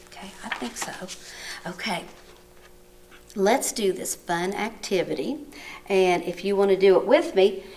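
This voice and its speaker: Picked up on a distant mic, a medium-pitched woman leads a recorded lesson for small children, softly encouraging them and asking questions. She reads sentences slowly, her voice rising and falling in an exaggerated way.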